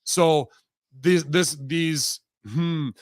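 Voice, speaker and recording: A man's voice: a little high, fairly even intonation, extremely slow, no room sound, clean studio sound. A man, a pro wrestler, ranting in a heated, profane way on a podcast and acting out what others said. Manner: heated, profane rant acting out quoted voices. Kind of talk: casual podcast chat.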